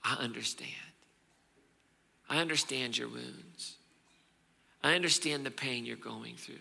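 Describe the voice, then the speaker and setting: A man voicing God as a gentle, understanding male presence who speaks with soft, easygoing reassurance. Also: mid-range voice, measured pace, gravelly, long reverb tail, heavily acted.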